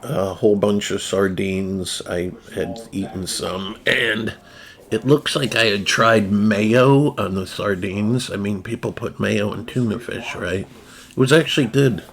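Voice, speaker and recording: A man's voice: fairly low pitch, measured pace, vocal fry. A man with a New Jersey accent hosting a casual chat, rambling loosely through food photos with lots of fillers and restarts. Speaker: channel host.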